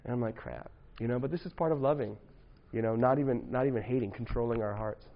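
Gravelly man preaching casually to youth. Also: medium pitch, fast talker, highs cut off, a little hiss or hum. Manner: conversational, joking, frequent "right?" asides. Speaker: youth pastor. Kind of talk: casual sermon to young people.

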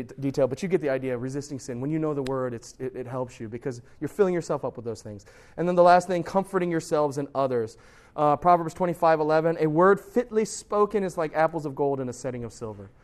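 A man teaching a youth group about Scripture in a casual, animated way, often putting questions to his listeners. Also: on the high side. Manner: animated, acts out quoted voices; conversational, asks the listeners questions.

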